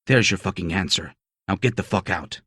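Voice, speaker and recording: A man's voice: deep voice, normal speed, a bit bright, slightly rough, dry recording, clean studio sound. A man voicing a crude, menacing male prosecutor in an audiobook, speaking in a mocking, threatening way. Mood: taunting. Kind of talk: audiobook character voice.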